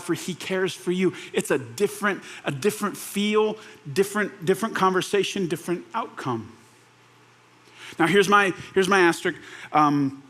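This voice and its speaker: A young man preaching a conversational sermon, animated and relaxed, slipping into quoted voices and laughing now and then. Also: fairly high pitch. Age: young adult. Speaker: pastor.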